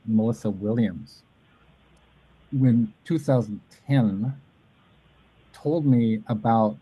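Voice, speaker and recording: His voice lowish, warm, and husky, a Southern California podcast host chats casually through a long, rambling story. He animatedly mimics the voices of people he quotes, and the recording is dry and rough.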